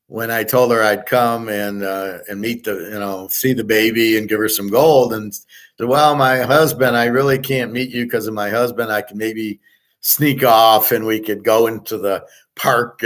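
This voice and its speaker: A man's voice: fairly low pitch, a bit bright. Blunt, profane middle-aged man. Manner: blunt, profane, rambling with many fillers. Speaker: host. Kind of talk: casual monologue.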